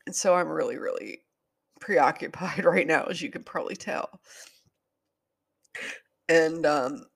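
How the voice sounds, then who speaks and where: A woman's voice: sits low, a little slow, creaky, slightly rough. A woman hosting a solo podcast, talking in a rambling, hesitant and apologetic way, openly emotional. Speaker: podcast host.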